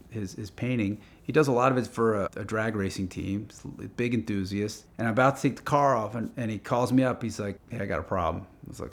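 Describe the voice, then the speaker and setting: A man telling a casual story about a car project, acting out the phone calls in quick quoted lines. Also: on the low side.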